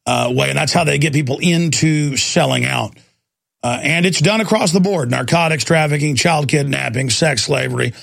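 A man's voice: a little high, gravelly, fairly bright tone, no echo. A man hosting a talk radio show, ranting in an impassioned, sarcastic monologue from a studio.

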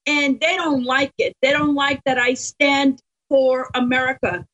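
Emphatic woman, high voice, muffled audio. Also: steady tone, measured pace, a bit bright. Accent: Californian. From Mexico–Texas border. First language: Spanish. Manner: earnest, emphatic. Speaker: political guest. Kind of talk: casual interview talk.

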